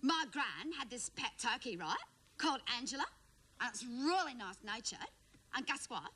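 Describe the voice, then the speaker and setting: A woman's voice: on the high side, very animated, moderate pace, bright, forceful tone, breathy edge, heavily acted. A woman playing a bratty, melodramatic teenage schoolgirl with an Australian accent, complaining in a whiny sketch-comedy monologue. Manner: whiny, complaining, peppered with "you know".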